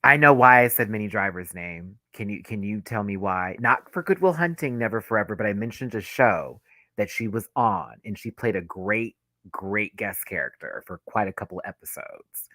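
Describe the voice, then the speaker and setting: A man's voice: on the low side, animated, moderate pace, sharp tone, dry recording, clean studio sound. A man giving a live, gossipy reaction review of a drag reality show, talking casually with sassy asides and frequent laughter.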